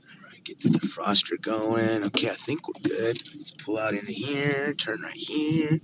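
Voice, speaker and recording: A man's voice: fairly low pitch, unhurried. A man live-streaming while he drives, chatting loosely to his viewers and to himself through a Bluetooth mic in the car. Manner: rambling, talks to himself and chat, playful nonsense words. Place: inside a car. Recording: dull lo-fi stream audio with road noise.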